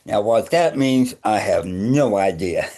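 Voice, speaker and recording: An older man with a slight speech impediment, a minister telling stories on a radio show in a wry, deadpan way. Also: on the low side, takes it slowly. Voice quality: slight speech impediment after tongue surgery. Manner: wry storyteller, deadpan humor. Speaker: minister and guest.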